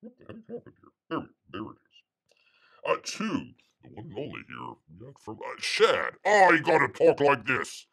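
A man hosting a casual livestream, rambling and halting as he calls himself by a nickname in the third person. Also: mid-range voice, wildly swooping pitch, gravelly, a bit bright. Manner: halting, full of fillers and restarts. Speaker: livestream host.

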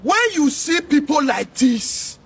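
A man from Edo State with a Nigerian Pidgin English accent, delivering a loud, sing-song scolding commentary. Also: extremely high pitch, lively intonation, slow, creaky. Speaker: social commentator. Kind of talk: ranting commentary. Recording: distant mic with faint noise.

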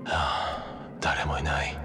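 A man's voice: a bass voice, monotone, moderate pace. An actor playing a frightened young man locked in a house, anxious and pleading, in a game. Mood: uneasy. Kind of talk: Japanese game voice acting. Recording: game audio with loud background noise.

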